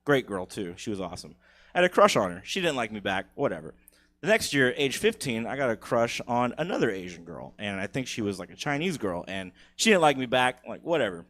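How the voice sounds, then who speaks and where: A man in his thirties doing stand-up on a theater stage, crude and full of profanity. His pitch swings widely as he tells the story, and he often breaks into laughter at his own jokes. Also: sing-song, fairly quick, a bit bright. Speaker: stand-up comedian. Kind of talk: stand-up comedy set.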